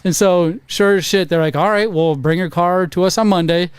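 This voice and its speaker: A profane man spins a story on a casual podcast, acting out what everyone said. His voice sits high and clean. The sound is dry and close. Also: fairly even intonation, normal speed, clean tone, dry recording. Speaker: podcast co-host. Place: podcast studio.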